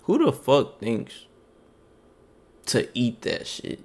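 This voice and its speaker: A man with a gravelly, raspy edge to his voice, talking casually as he reacts to a video on a live stream. He swears constantly and sounds incredulous, jumping from loud outbursts to muttered asides. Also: medium pitch, huge pitch swings, takes it slowly.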